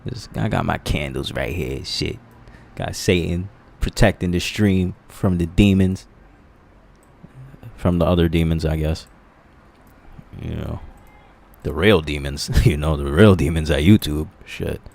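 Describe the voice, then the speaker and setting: A man casually rambling on a livestream, crude and profane, laughing at his own jokes, in a dark candlelit room. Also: extremely low pitch, a little slow, gravelly, pauses often. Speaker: streamer.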